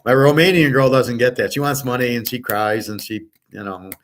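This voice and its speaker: A man's voice: medium pitch, fairly quick, fairly bright tone, a little hiss or hum. A man hosting his own channel, talking in a rambling, blunt casual monologue and swearing freely. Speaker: host of a picks and markets channel.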